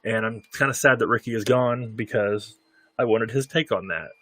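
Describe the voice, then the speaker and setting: A man's voice: on the low side, normal speed, no room sound, low-quality recording. A man in his forties hosting a live show, chatting casually and telling stories with easy chuckles. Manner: relaxed, storytelling, chuckles often. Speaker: show host.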